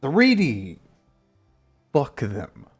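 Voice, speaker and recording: A man streamer ranting casually and heatedly with lots of swearing, jumping into high silly voices to mimic people. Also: huge pitch swings, extremely slow, slightly rough, faint music behind. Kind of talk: casual rant on a live stream.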